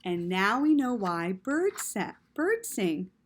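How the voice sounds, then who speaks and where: A woman reading a story aloud to children in an animated way, with gasps and quiet asides. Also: medium pitch, takes it slowly, slight background noise.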